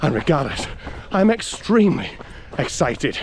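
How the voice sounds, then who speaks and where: His voice is gravelly and darkish, on the high side, sing-song and a little slow, with slight background noise behind it. He's a running vlogger from North East England, speaking with that region's accent as he gives casual commentary on a trail run through hills and woodland. Though out of breath, he's chatty and cheery, laughing often and greeting runners.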